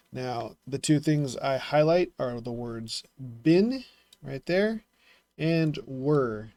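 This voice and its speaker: A man's voice: mid-range voice, expressive, slow pace, darkish tone, dry recording. Male vlogger, casual teaching tone, fillers and self-corrections, mid-range voice, dry recording. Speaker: self-publishing vlogger critiquing writing. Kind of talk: casual explanatory vlog.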